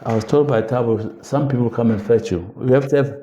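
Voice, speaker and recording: An older man telling stories from his political past in an earnest, measured way, slowing down for emphasis. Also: medium pitch, reverberant, slight background noise. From South Africa. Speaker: interview guest, veteran politician. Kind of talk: reflective storytelling in a podcast interview.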